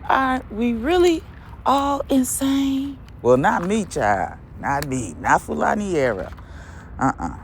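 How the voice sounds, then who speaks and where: A woman hosting her podcast, preaching in an emphatic monologue full of rhetorical questions and laughs, with dramatic swings between high and low. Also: sing-song, takes it slowly, slight background noise. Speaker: podcast host.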